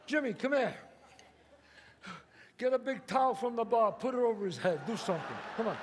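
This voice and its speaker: A man playing a loud, bossy, profane mob boss in a one-man stage show. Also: extremely high pitch, slight background noise. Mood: urgent. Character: brash swaggering mob boss man, middle-aged. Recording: live stage, long reverb, faint ambience.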